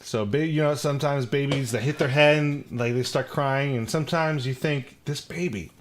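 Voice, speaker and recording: A man's voice: medium pitch, slight background noise. Rambling man co-hosting a podcast. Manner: rambling, restarts, quick asides. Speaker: podcast co-host. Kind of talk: casual podcast chat.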